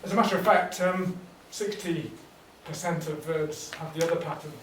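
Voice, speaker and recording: A man leading a teacher workshop, explaining teaching ideas in a relaxed way with fillers and restarts. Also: a little high, normal speed, slight background noise. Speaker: workshop trainer. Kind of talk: teacher training talk. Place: workshop room. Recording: echoey room, distant mic.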